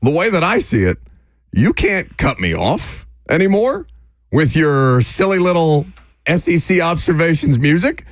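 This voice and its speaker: A man's voice: fairly high pitch, very animated, unhurried, no echo, studio quality. A man hosting sports radio, out of breath and talking in a sarcastic, mock-outraged way. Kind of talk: sports talk radio banter. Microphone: studio microphone.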